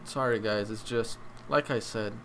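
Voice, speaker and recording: A young man hosting an anime review, choked up and crying, talking in a heartfelt, halting way with many restarts. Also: on the low side, a bit bright, slight background noise. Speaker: anime reaction channel host. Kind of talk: emotional casual review.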